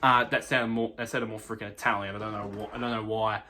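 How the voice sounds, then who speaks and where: Bright-voiced rambling young man. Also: fairly low pitch, level tone, quick pace. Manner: rambling, many restarts and fillers. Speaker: motorsport review host. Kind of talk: casual unscripted race recap.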